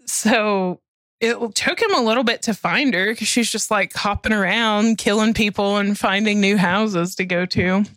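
Slow-talking giggly woman podcaster. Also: mid-range voice, a bit bright, dry recording. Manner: giggly, swears casually. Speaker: podcast co-host. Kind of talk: casual chat, storytelling.

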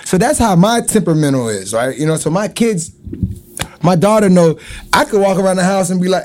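Middle-aged guy chatting, high-ish voice that jumps all over, acts out the loud bits. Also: a little fast. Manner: animated, acts out quotes loudly, laughs often. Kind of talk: casual chat.

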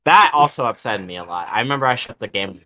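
Young guy on a podcast, bright voice, swears a lot, just rambling. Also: mid-range voice, lively intonation, fast. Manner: rambling storyteller, swears freely. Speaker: podcast co-host. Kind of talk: casual chat.

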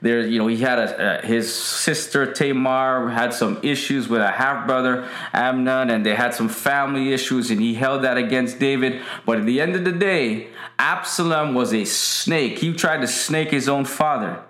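A man's voice: mid-range voice, moderate pace, a bit bright. A man preaching a casual, emphatic sermon to an online audience, repeating his key lines and greeting viewers by name. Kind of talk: livestream sermon. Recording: roomy echo.

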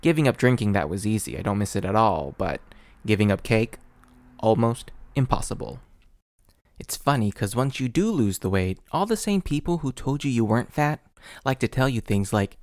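Man, young adult, deadpan, self-deprecating, comic essay reading, mid-pitched, dry recording. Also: moderate pace, no room sound. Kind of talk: comedic personal essay read aloud.

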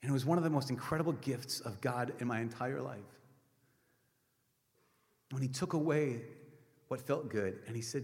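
Priest preaching in a reverberant hall. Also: male voice, mid-range voice, moderate pace, long pauses. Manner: animated storytelling, acts out voices, swings from loud to hushed. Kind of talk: sermon.

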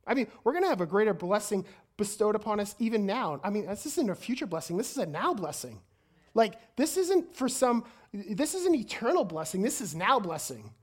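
A woman preaching a sermon in an energetic way, often stumbling and repeating words as she goes. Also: medium pitch, fairly quick, slightly rough.

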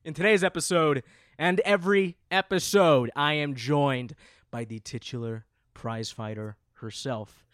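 A man's voice: a little high, a little slow, a bit bright, no room sound, studio quality. A man hosting a podcast in loose, profane, joking banter with his co-host. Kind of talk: casual chat.

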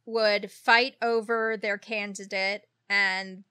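A woman co-hosting a podcast in casual chat, playful and quick to laugh. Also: mid-range voice, level tone, pushed and bright, clean tone, no room sound, clean studio sound. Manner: chatty, laughs often, playful. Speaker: podcast co-host.

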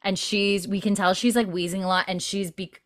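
A woman with a medium-pitched, fairly even voice casually recaps a TV episode with a co-host, talking fairly quickly. She rambles, leans heavily on fillers, and quotes the characters' lines.

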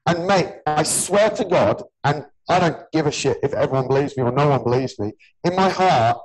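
In a low-quality recording, a man in his early forties who owns a gym and works as a personal trainer talks in a medium-pitched voice. Hosting a casual podcast chat, he's blunt and earnest, swearing freely and repeatedly calling the other man "mate".

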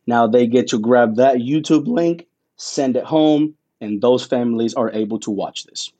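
A man sits as an interview guest and tells his story with growing excitement and feeling. His voice is warm and mellow, never bright. He talks like a play-by-play broadcaster, with punchy phrases and dramatic pauses. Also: medium pitch. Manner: animated and emotional, with dramatic pauses.

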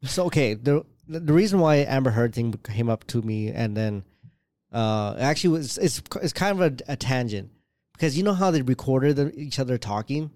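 Male podcast co-host, rambling and profane, dry close mic, average pitch. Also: lively intonation, normal speed, a little mellow, no room sound. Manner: rambling, profane, lots of restarts. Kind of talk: casual crude banter.

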